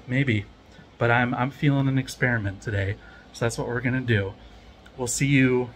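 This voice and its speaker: A man's voice: mid-range voice, normal speed, slight background noise. A man casually vlogging his home brew day, rambling and playful, thinking aloud with many fillers. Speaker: homebrewing vlogger. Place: home brewery in Denmark during a heat wave.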